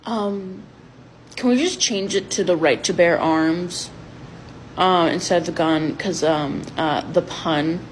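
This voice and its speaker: A woman's voice: lowish voice, slow pace, a little hiss or hum, voice pushed down, poor audio. A woman playing an eager, dim young male delegate who rambles and halts with fillers.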